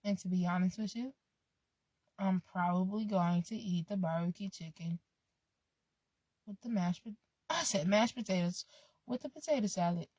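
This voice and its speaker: A woman's voice: medium pitch, moderate pace, pauses often, a little mellow, no echo. A woman vlogging in a casual, rambling way, laid-back, swearing freely and drifting off on tangents. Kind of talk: casual rambling vlog talk.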